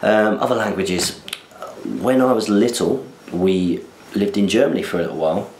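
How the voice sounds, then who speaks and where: A man's voice: on the low side, normal speed, darkish tone, echoey room, a little hiss or hum. A young man from southern England hosting a podcast, chatting casually in a rambling, self-deprecating way. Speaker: podcast host. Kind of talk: casual chat.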